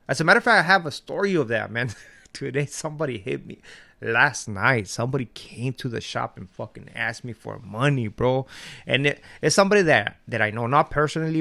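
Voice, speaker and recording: A man's voice: mid-range voice, creaky, bright, forceful tone. A man vlogging in a casual, profane rant, telling street-slang stories with frequent laughter.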